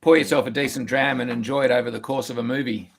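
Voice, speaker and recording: A husky-voiced man talks whisky with enthusiasm on a video call. He often repeats words as he restarts his sentences, and his voice sits at an everyday middle pitch. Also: steady tone, quick pace. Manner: chatty, enthusiastic, stammering restarts. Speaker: whisky tasting co-host. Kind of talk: casual online tasting chat.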